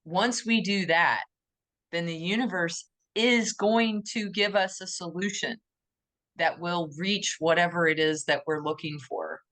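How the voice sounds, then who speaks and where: A low-pitched woman co-hosting a podcast, chatting casually. She is enthusiastic and animated and slips into little quoted voices to make her point. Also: measured pace. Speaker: podcast co-host. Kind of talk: casual conversation.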